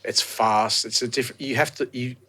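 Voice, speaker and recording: A quick-speaking man in his forties from Australia, chatting as a podcast guest. He tells long, loose stories and slips into the voices of the people he quotes. The pitch sits in a middling male range. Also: steady tone, pushed and bright. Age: 40s. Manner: rambling anecdotes, acts out quoted voices, laughs often. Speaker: podcast guest, former rugby player. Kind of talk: casual storytelling chat.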